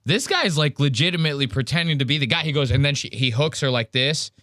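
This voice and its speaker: A man's voice: on the high side, lively intonation, fast, fairly bright tone, no echo, clean studio sound. A man hosting a podcast, reacting to clips in a casual, incredulous, rambling way, quoting the chat and mimicking people. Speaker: podcast host.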